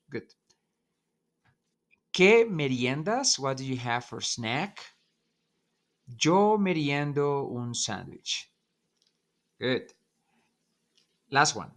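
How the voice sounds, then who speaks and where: Slow-talking teacher, emphatic. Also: male voice, medium pitch, bright, forceful tone. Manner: repeats points with emphasis, checks in with "yeah?". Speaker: Spanish teacher. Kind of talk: online language lesson.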